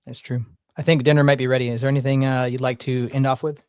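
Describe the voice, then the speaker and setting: A man's voice: medium pitch, little pitch movement, fast talker, clean tone, dry recording. A man in his thirties hosting a podcast, chatting casually in a rambling, laid-back way. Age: 30s. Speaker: podcast host.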